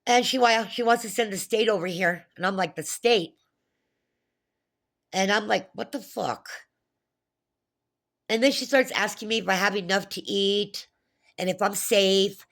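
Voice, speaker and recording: A woman's voice: medium pitch, moderate pace, fairly bright tone. A woman talking to camera in an agitated, profane monologue, retelling a phone call with many restarts. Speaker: vlogger. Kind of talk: casual monologue.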